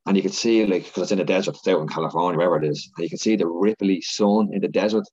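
Fast-talking deep-voiced man, husky. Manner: rambling, excitable, lots of filler and repeats. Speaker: podcast guest, Ironman athlete. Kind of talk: casual storytelling chat. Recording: dull lo-fi podcast audio.

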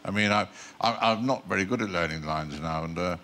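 Older english man, very deep voice, dry rambling stories, faint studio hiss. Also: a little fast, bright, forceful tone. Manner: dry, rambling storyteller with mumbled asides. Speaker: guest actor. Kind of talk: talk show anecdotes. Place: TV studio with audience.

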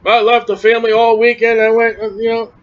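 A man's voice: very high-pitched, completely flat delivery, fairly quick. A preacher doing a bragging party guy. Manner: bragging, casual. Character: boastful partying grown man. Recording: dull lo-fi recording.

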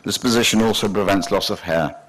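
A man's voice: on the low side, brisk, low-quality recording. A man giving a dry, wry literary reading of his own fiction on a festival stage. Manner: dry, wry storytelling with voiced characters. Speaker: author reading his novel. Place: festival stage before an audience.

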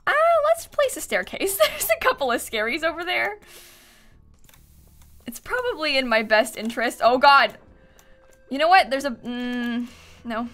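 Excitable girl streaming a game, voice jumps all over the place, sharp and bright. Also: a little slow, pauses often, soft background music. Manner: excitable, swings between loud panicked shrieks and low mutters. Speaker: live streamer. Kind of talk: live gaming stream commentary.

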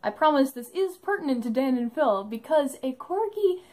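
A woman's voice: high voice, big pitch swings, moderate pace, darkish tone, low-quality recording. A young woman narrating an enthusiastic fan vlog about a live show she went to, in a bubbly storytelling manner.

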